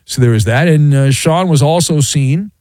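A man hosting a sports talk radio show, riffing sarcastically in a jokey, animated monologue. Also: a little high, moderate pace, no echo.

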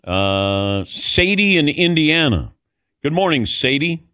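Male talk-radio host, animated delivery, close dry studio mic. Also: fairly high pitch, takes it slowly, no room sound. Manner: lively, laughs often, reads ad copy. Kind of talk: casual studio banter.

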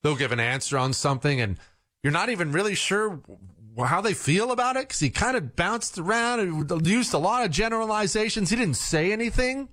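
A man's voice: sits high, a little fast. A man hosting a talk radio show, telling stories and mocking a guest with sarcastic asides. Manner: sarcastic, mocking, animated storytelling.

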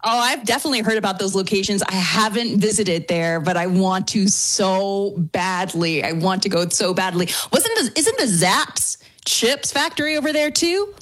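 A woman's voice: medium pitch, expressive, moderate pace, hardly any pauses, dry recording. A woman from New Orleans with a New Orleans accent, a paranormal investigator answering questions as a radio guest in an articulate, easygoing way.

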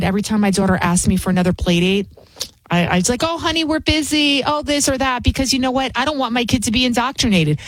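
A woman's voice: mid-range voice, dry recording, low-quality recording. A woman hosting a political opinion show, scornful and heated. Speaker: political commentary host. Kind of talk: opinion commentary.

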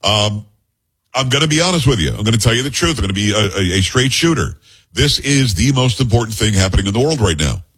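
A man's voice: lowish voice, expressive, fast talker, fairly bright tone, husky. A man hosting a talk radio show, reading news stories aloud and breaking in with blunt personal opinions.

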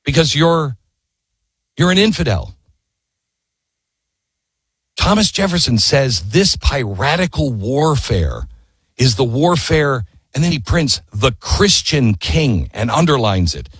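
A man's voice: fairly high pitch, very animated, unhurried, a bit bright, slightly rough, no echo. A man giving an impassioned history talk, telling a story with emphasis, quoted voices and rhetorical questions. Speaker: speaker.

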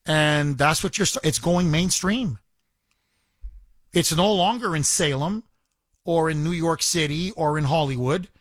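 A man hosting a call-in talk radio show, indignant and animated, repeating himself as he rants. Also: a little high, a little slow, no room sound, clean studio sound.

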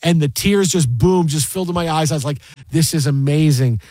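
A man's voice: a little high, fast, a little mellow, no room sound. A man hosting sports talk, rambling and emotional, with many restarts. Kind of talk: excited sports talk chat.

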